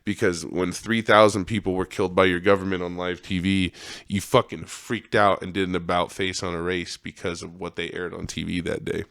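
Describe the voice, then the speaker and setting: A man's voice: sits low, flat delivery, a little fast, vocal fry, fairly bright tone, no echo, studio quality. A man hosting a podcast, talking in a rambling, profane monologue and laughing often. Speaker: podcast host.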